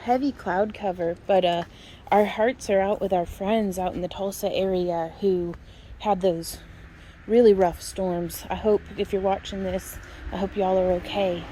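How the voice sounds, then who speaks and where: A woman's voice: medium pitch, fairly even intonation, measured pace, dark tone, slight background noise. A woman from Missouri, casually talking through a walk around her backyard homestead garden, chatty and folksy, laughing often. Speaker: homestead vlogger.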